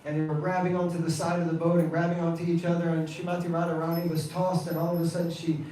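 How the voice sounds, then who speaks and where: A man telling a devotional story to a temple gathering in an animated, laughing way. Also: fairly high pitch, fast. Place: temple hall. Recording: echoey hall, distant mic, faint noise.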